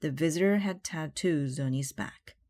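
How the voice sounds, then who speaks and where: A woman reading a children's picture book aloud in a slow, clear way. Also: deep voice, darkish tone. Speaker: storybook reader.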